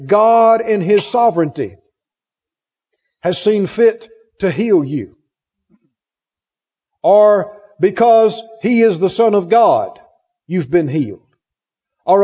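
A man with a high, mellow voice preaches emphatically, repeating phrases and putting questions to the congregation. The recording is dull and lo-fi, made in a reverberant hall.

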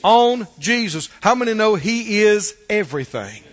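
A man preaching a sermon, his delivery swelling into emphatic shouts and dropping to hushed asides. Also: high-pitched, sing-song, unhurried. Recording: long hall reverb.

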